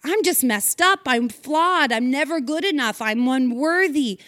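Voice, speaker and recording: A sugary churchgoing woman who praises God and runs herself down in the same breath, as a speaker mimics her. Her voice is sing-song and overly sweet. It sits on a raised pitch. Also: lively intonation, unhurried, a bit bright, no echo. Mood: gushing. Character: gushing self-loathing churchgoing woman.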